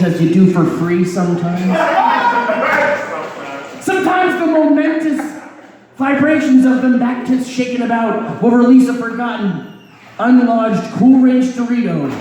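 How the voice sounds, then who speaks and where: A man performing a live stand-up set of crude one-liners, delivered deadpan with a dry "you're welcome" tag. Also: very high-pitched, background noise. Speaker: stand-up comedian. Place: comedy club stage before a laughing audience. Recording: echoey room, distant mic, crowd laughter.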